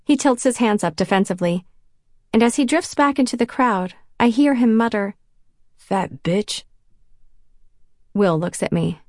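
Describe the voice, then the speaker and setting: A woman's voice: on the high side, lively intonation, moderate pace, dry recording, studio quality. A woman reading a novel in first person, with a self-conscious, wry inner voice. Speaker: audiobook narrator. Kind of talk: first-person audiobook narration.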